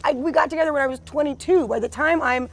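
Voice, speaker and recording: Woman, 30s, interview guest; blunt, emphatic, fairly high voice, heavy on fillers. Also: fast talker. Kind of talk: candid personal conversation.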